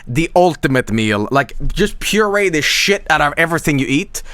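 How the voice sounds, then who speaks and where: A man's voice: sing-song, normal speed, bright, forceful tone, clear, resonant tone, dry recording. Rambling, stammering male streamer. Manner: rambling, stammering repeats, sudden jumps in pitch. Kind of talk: profane live-stream commentary.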